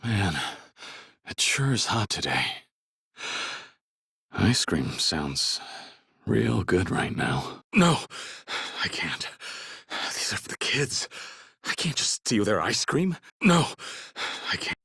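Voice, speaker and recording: An actor playing a stoic, kind middle-aged ex-yakuza in a video game, speaking plainly and steadily. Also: male voice, slow, creaky, pauses often, breathy edge, dry recording, clean studio sound, heavily acted. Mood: calm. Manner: plainspoken, steady, low-key.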